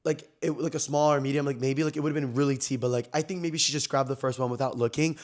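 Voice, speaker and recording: A young man hosting his own podcast, telling gossipy stories in an animated, slangy, casual way. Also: mid-range voice, fast talker. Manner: animated, chatty, heavy slang and "like" fillers. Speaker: podcast host.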